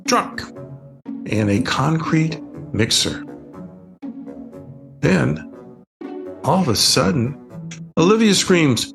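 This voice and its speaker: An older man, an author, reading his children's book aloud in a playful, expressive way. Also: on the high side, gravelly. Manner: playful, expressive first-person child narration. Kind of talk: storybook reading.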